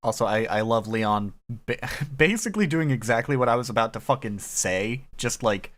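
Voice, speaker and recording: A woman's voice: very deep voice, normal speed. A woman co-hosting a casual comedy podcast, swearing often and breaking into laughter. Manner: swearing, animated, bursts into loud laughs. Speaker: podcast co-host.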